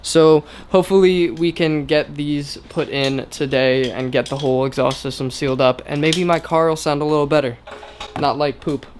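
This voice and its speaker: A man's voice: fairly high pitch, level tone, normal speed. Easygoing man explaining car work. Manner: self-mocking, easygoing. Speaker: vlog co-host. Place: home garage. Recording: noisy garage, tool clicks.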